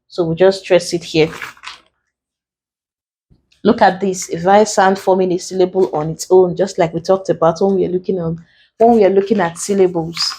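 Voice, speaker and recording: A woman teaching an exam-prep lesson, spelling out word endings letter by letter in a deliberate way. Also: lowish voice, mellow, slight background noise. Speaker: English tutor.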